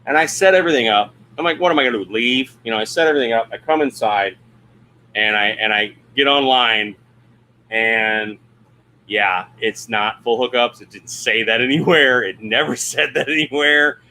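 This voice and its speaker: A man hosting a relaxed livestream from inside his camper, his voice bright and forward. He rambles through stories, laughs at himself, and stops to answer comments from the chat. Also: medium pitch, moderate pace. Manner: rambling, self-deprecating, laughs often, reads chat comments aloud. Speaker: livestream host. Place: RV camper interior at a campground.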